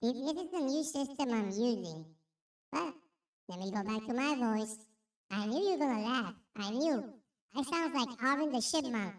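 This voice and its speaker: A man using a pitch-raising voice changer to sound like a squeaky chipmunk-like cartoon voice, talking playfully. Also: animated, moderate pace. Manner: playful, silly. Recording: distant and roomy.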